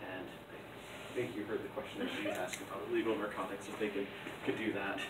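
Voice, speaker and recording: In a school classroom, a male teacher talks casually to his class in a fairly low, level voice at a quick pace, rambling with plenty of ums and restarts. The recording is echoey, with loud background noise.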